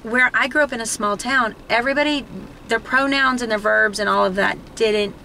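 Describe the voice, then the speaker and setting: A woman's voice: fairly high pitch, fairly quick, vocal fry, bright, forceful tone, slight background noise, low-quality recording. A middle-aged woman from South Florida with a Southern accent, chatting casually and telling stories full of quoted asides. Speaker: channel host. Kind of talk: casual chat. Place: home room, indoors, fan running.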